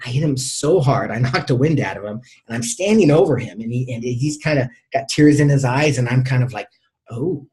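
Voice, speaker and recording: A man's voice: medium pitch, expressive, a little mellow. Middle-aged male coach, interview guest, stop-start storytelling with many repeated words. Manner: halting, repeats words often.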